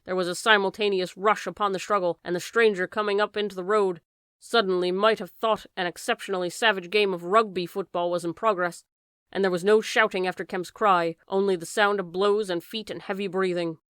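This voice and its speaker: A woman narrating a classic science fiction novel as an audiobook, reading dramatically and raising her voice for shouted lines. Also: mid-range voice, smooth, no room sound, studio quality. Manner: raises voice sharply for shouted lines.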